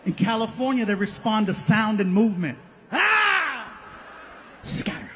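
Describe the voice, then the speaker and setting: A stand-up comedian whose voice is run through an AI baby voice filter, telling stories with animated delivery and shouted punchlines. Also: male voice, sits high, brisk, very noisy.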